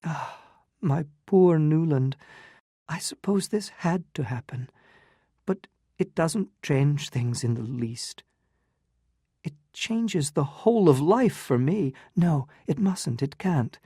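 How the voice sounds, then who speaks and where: A woman's voice: deep voice, animated, slow pace, mellow, breathy edge, no echo, clean studio sound, pitched above the performer's own voice, full character voice. A narrator voicing a proud, wounded young woman in love, pleading and emotional in a storybook reading.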